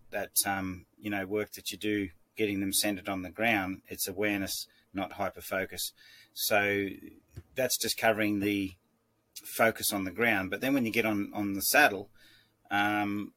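A man with a low voice that stays flat and even, walking through horse-training ideas in a calm, measured way. He circles back and restarts his sentences as he explains. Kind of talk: instructional talk.

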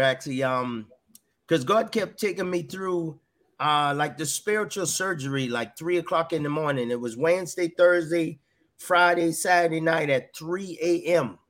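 Speaking in a higher, slightly bright voice, a middle-aged guest earnestly recounts his faith testimony, frequently repeating himself as he goes.

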